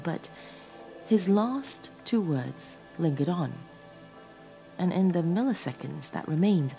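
Horror narrator and show host, woman: low and gravelly, slow and dramatic, lively swings in pitch. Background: faint music.

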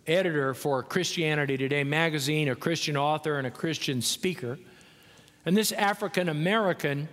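Male pastor, high voice, preaching in a big echoing sanctuary, shifts from hushed to emphatic. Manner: storytelling preacher, swings from soft and slow to emphatic. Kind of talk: sermon. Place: large church sanctuary. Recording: church sanctuary with long reverb.

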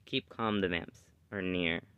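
Man reading as a huge, gruff winged warrior. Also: low voice, unhurried, bright, forceful tone, no room sound, dull audio. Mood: commanding. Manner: blunt commanding warnings.

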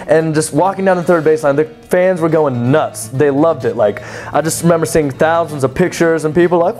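A young man casually telling a personal story, animated and chatty, full of "like" and laughing at himself. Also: on the high side, a little fast, soft background music. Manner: animated, chatty, many "like" fillers, laughs at his own story.

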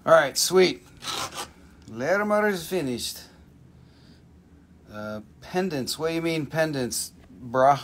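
Brief: man on a live-stream sale, slightly raised pitch, loose and profane, answers viewers as he goes. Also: expressive, takes it slowly, pauses often, a little hiss or hum. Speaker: crystal seller hosting a live sale. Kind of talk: casual live-stream sales chat.

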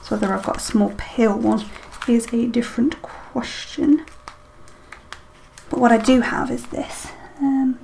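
Her voice is on the high side and mellow, with vocal fry and a slightly slow pace, and a bit of background noise is audible. She's a planner vlogger doing a casual plan-with-me, talking to herself as she decorates, with lots of ums and small questions.

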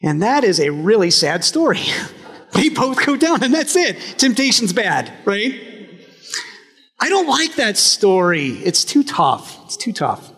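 High-voiced male pastor in echoing church. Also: sing-song, a little slow, fairly bright tone, slightly rough. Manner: conversational and humorous, with frequent restarts. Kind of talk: sermon. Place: church sanctuary.

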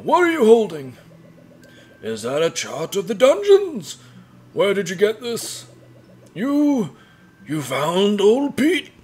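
A man voicing a gruff, stern old village elder in a strained, high old-man voice over faint game music. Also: wildly swooping pitch, slow pace, long pauses, a little mellow, full character voice.

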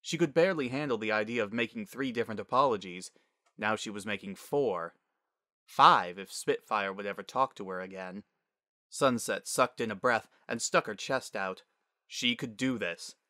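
A man narrating a story as a dramatic reading, measured and expressive. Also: lowish voice, dry recording, clean studio sound.

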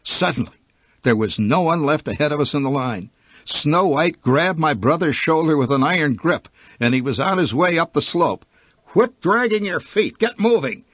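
A man's voice: a little high, expressive, moderate pace, a bit bright, husky, no room sound, highs cut off. A man reading his own humorous short story aloud, wry and vivid in his comic storytelling.

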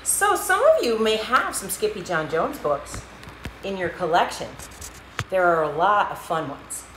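A woman hosting a livestream, reading a children's picture book with an animated, sing-song manner. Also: medium pitch, a little slow, reverberant, slight background noise. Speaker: host.

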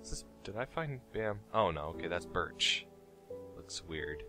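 A man hosting a casual game let's-play who is excitable and yelps and swears when attacked. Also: sits low, a little slow, music in the background. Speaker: Minecraft let's-play host. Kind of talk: casual gaming chat.

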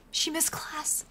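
High-voiced excitable woman gamer. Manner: excitable, chatty, gasps often. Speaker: gameplay narrator. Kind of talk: casual game commentary.

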